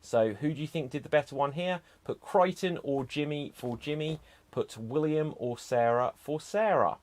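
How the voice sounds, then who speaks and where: A man's voice: fairly high pitch, normal speed. A man hosting an online improv show, upbeat and teasing as he introduces scenes and reads out votes.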